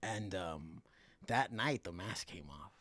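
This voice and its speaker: A man's voice: sits low, slow pace, no echo. Candid man, dry close mic. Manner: mixes English and Spanish, swears freely, animated. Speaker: podcast guest. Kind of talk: casual candid storytelling.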